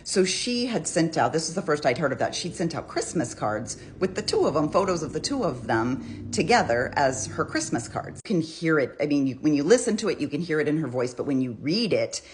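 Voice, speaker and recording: A woman talking casually about a criminal case, chatty and quick to restart her sentences. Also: low-pitched, sing-song, slight background noise. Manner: chatty, restarts often, reads out quotes with feeling. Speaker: true crime commentator. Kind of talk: casual true crime commentary.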